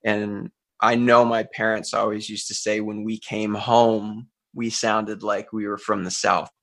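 Brief: man, middle-aged folk singer guest, bright and gravelly, open and reflective. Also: fairly low pitch, level tone, measured pace. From Central Massachusetts. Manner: earnest, open, laughs easily, thinks aloud. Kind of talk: relaxed reflective interview talk.

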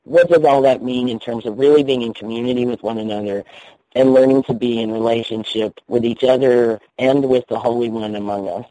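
A man with a soft North Carolina Southern accent tells his story in an easy, candid way, laughing now and then. His voice is warm and relaxed, recorded dry and close. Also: medium pitch, a little fast, dry recording, rough recording. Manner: chatty, candid, laughs easily. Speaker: guest minister. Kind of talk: storytelling in a radio interview.

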